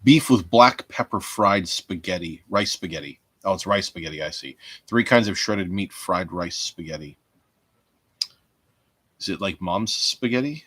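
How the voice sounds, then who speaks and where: A man hosting a rambling solo podcast, swearing and joking as he thinks aloud. His pitch swings widely, from bursts to mutters, and the sound is close and dry with no room around it. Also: expressive, measured pace, fairly bright tone, husky, no room sound. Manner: profane, rambling, jokey. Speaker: podcast host. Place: home.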